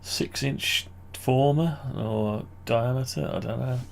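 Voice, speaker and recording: A man's voice: mid-range voice, steady tone, takes it slowly, vocal fry, slight background noise. A man walking through his amateur radio antenna project on screen, thinking aloud and correcting himself as he goes. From United Kingdom. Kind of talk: casual screen-share walkthrough.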